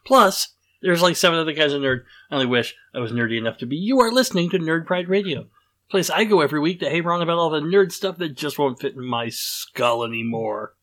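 A man's voice: fairly high pitch, lively intonation, fast, fairly bright tone. A man hosting a casual podcast, rambling and self-deprecating, with lots of fillers and restarts. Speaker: podcast host.

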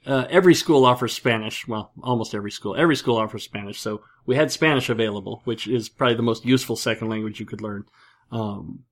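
A man's voice: medium pitch, a bit bright. A middle-aged man from upstate New York chats on a podcast in a loose, jokey way. He rambles through his stories with plenty of restarts and asides. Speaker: podcast host. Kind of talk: casual podcast chat.

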